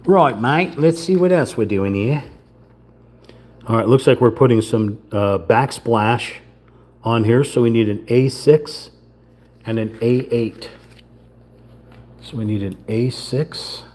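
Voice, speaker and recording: A man's voice: mid-range voice, steady tone, takes it slowly, pauses often, dark tone. A man giving a casual running commentary while he builds a wooden model kit on a live stream, muttering the steps to himself as he works. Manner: mutters step by step to himself while handling small parts.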